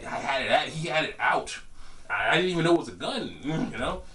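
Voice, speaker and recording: A young man telling a story in a casual vlog, rambling and laughing often, jumping into high voices for quotes. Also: lively intonation, fast talker, sharp tone. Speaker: vlogger. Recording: distant from the mic.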